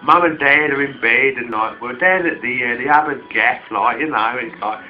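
A man's voice: medium pitch, normal speed, few pauses, soft background music. Rambling tipsy man at home. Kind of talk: casual chat on home video. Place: home at night. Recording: dull home video, 80s radio playing.

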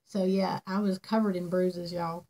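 A woman co-hosting a casual live jewelry sale, telling stories in a relaxed, dry way. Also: on the low side, unhurried, poor audio. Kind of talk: casual live-stream chat.

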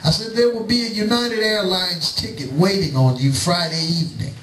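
A middle-aged man preaching in a church, telling a story slowly and acting out both sides of a conversation. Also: high-pitched, fairly bright tone, far from the mic. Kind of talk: sermon storytelling. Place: church sanctuary. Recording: echoey church, preacher away from the mic.

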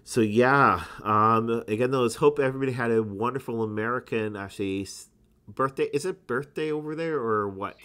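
A man's voice: mid-range voice, moderate pace, bright, forceful tone, clear, resonant tone. A man co-hosting a casual spiritual podcast, rambling with lots of ums and restarts. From Canada. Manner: rambling, many fillers and restarts. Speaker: podcast co-host.

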